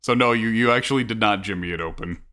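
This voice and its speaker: Bright-voiced man running a tabletop game. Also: on the low side, fast. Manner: casual, repeats words. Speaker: game master.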